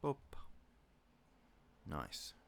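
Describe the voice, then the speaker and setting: A gaming YouTuber from New Zealand talks extremely slowly over slight background noise. His let's-play commentary is casual and rambling, full of wry asides, and he mutters his menu choices to himself.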